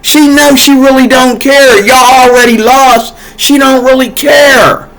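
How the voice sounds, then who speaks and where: Man, higher-pitched voice, fired-up rant straight to his audience, repeats lines for emphasis. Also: steady tone, measured pace, fairly bright tone, low-quality recording. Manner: heated, repetitive, talks to viewers directly. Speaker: commentator. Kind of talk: casual ranting commentary.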